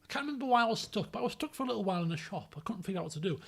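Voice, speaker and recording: A man's voice: high voice, lively intonation, rapid-fire, gravelly, a bit bright. A man with a Yorkshire accent, chatting casually on his stream, rambling with many fillers and restarts. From Yorkshire, England. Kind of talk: casual chat.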